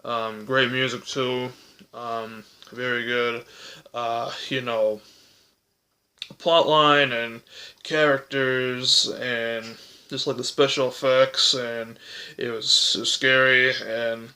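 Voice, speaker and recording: A man's voice: mid-range voice, level tone, takes it slowly, sharp tone. A young man casually ranking horror films, rambling with lots of fillers and self-corrections, voice cracking from hiccups. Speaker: movie reviewer.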